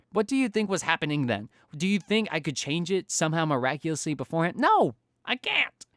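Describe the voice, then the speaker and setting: A young man telling a storytime vlog in an animated, exasperated ranting way. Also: fairly high pitch, smooth, dry recording, clean studio sound. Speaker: storytime vlogger. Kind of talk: casual storytime rant.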